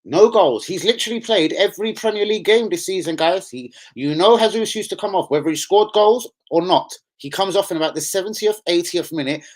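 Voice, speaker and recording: A man's voice: sits high, brisk, few pauses. A man ranting angrily on a live stream as a football fan streamer, swearing heavily and getting worked up. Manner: angry, profane, heated.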